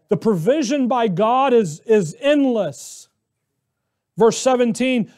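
An American man preaching a conversational, animated sermon who acts out the voices of biblical characters. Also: high voice, takes it slowly. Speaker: pastor.

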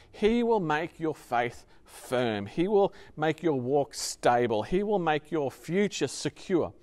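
A man preaching a sermon as pastor, earnestly repeating key phrases and dropping to a soft voice on tender points. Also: fairly high pitch.

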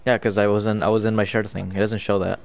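A man's voice: lowish voice, level tone, fast talker, gravelly. A man running a live stream of a game with friends, talking casually. He teases the others and swears freely. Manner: teasing, swearing. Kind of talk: casual gaming banter.

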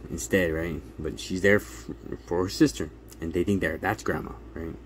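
Animated man telling a story, lowish voice. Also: moderate pace, a little hiss or hum. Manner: animated retelling, acts out quotes, laughs often, keeps asking "right?". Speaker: channel host telling a court story. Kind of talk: casual storytelling to camera.

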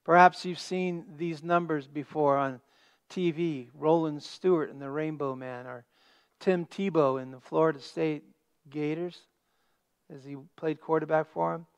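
A man preaching a sermon as pastor, stressing key words and dropping to a hush at the ends of phrases. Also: a little high, steady tone, a little slow, clean tone. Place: church sanctuary.

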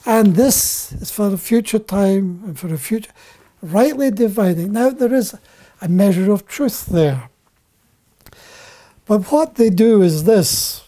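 A man preaching a Bible teaching sermon, deliberate and repeating key phrases for emphasis. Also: high voice, warm tone.

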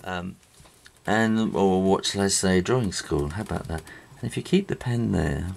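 Brief: middle-aged English man, low gravelly voice, rambling casual drawing tutorial, faint pen scratches and hiss behind. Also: normal speed. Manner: rambling, with many fillers and restarts while drawing. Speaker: drawing teacher. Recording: faint noise with pen and writing sounds.

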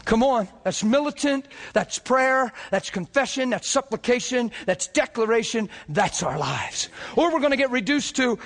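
A man preaching a sermon, fervent and earnest, often breaking into laughter as he gets excited. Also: very high-pitched, moderate pace, hardly any pauses, in a large hall.

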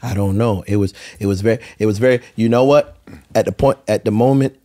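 Appearing as a podcast guest, a Caribbean-accented man from the US Virgin Islands recounts a story with animation. He speaks briskly in a fairly low, mellow voice, rambling in a relaxed, slangy manner.

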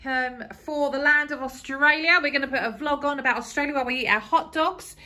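Brief: giggly woman, home vlogger, bright and high. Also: brisk, slight background noise. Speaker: vlogger, mum. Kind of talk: casual family vlog chat.

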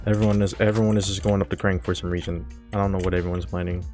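A young man mutters and swears his way through a tense match, his voice sitting on the lower side. He sounds jumpy, narrating to himself as he plays. Faint music plays behind him. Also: little pitch movement, racing. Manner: nervous, swears often, talks to himself. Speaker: gamer. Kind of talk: gameplay commentary.

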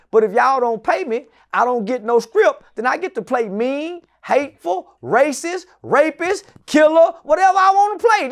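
A man in his forties telling stories as an interview guest, loud and profane, often shouting and then dropping into low muttered asides. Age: 40s. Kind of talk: animated storytelling in an interview.

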